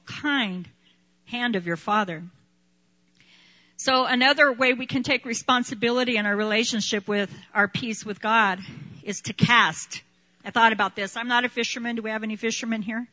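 A woman's voice: a little high, sharp tone, muffled recording. A woman preaching to a congregation in a conversational way, laughing often and acting out little dialogues. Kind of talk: sermon. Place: church hall with a live congregation.

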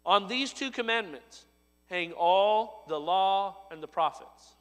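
A man preaching a sermon, his voice swelling to loud emphatic lines and dropping low and soft. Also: animated, slow, long reverb tail. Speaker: pastor.

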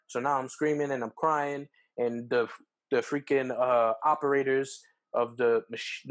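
A young man, co-hosting a podcast, telling a story casually with lots of fillers and jumping up in pitch when acting out quotes. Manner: animated, acts out quotes with pitch jumps, heavy fillers. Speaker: podcast co-host.

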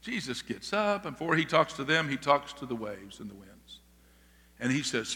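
A man's voice: mid-range voice, a little slow, pauses often, bright, forceful tone. A male pastor preaching a sermon with emphatic delivery, calling out "Amen?" to the congregation from a church sanctuary. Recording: long reverb of a large hall.

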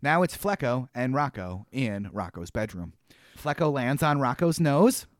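Animated man rambling through a recap. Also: medium pitch, unhurried, no echo, studio quality. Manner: animated, rambling with many fillers. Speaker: podcast co-host. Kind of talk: casual podcast chat recapping a cartoon.

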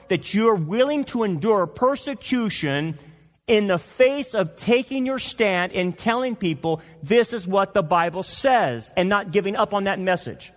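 A man preaching in a church, pressing his points with rhetorical questions and wry jabs. His voice sits a little high for a man and carries a long reverb that rings through the hall. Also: lively intonation, unhurried. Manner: emphatic, rhetorical questions, mocking quoted voices. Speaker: pastor. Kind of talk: sermon.

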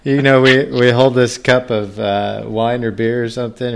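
A man's voice: medium pitch, little pitch movement, moderate pace, creaky, slight background noise. A man hosting an interview podcast, friendly and upbeat, laughing easily as he asks questions. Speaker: podcast host.

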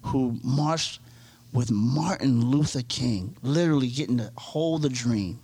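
A man co-hosting a podcast, telling stories in an animated way and swearing freely in casual chat. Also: mid-range voice, a little slow, husky. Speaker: podcast co-host.

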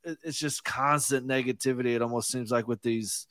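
A man's voice: medium pitch, steady tone, a little fast, fairly bright tone, dry recording, clean studio sound. A man co-hosting a podcast in casual chat, telling rambling stories with frequent laughs and restarts. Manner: rambling storyteller, laughs often, restarts phrases. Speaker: podcast co-host.

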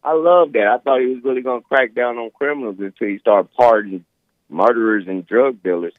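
A man's voice: medium pitch, fairly quick, dry recording. A man from California calling into a talk show, arguing his point in a casual, blunt way. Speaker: caller. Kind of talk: call-in conversation. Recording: tinny phone line.

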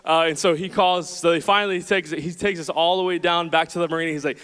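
Young male pastor, casual self-mocking storyteller, high clear voice, long hall reverb. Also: fast. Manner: chatty, self-deprecating, animated storytelling. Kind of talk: sermon with storytelling. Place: church hall with audience.

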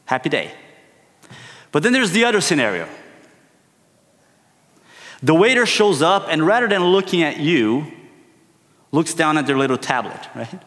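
A man's voice: a little high, very animated, moderate pace, pauses often, fairly bright tone. A male preacher opening a sermon with a conversational, storytelling style, often checking in with his listeners. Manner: storytelling, keeps checking in with "right?". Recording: long hall reverb.

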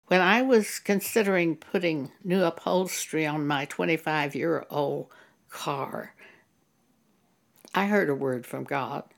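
A woman preacher giving an earnest sermon, teaching slowly and reading scripture aloud. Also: lowish voice, gravelly. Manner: slow, deliberate, earnest teaching.

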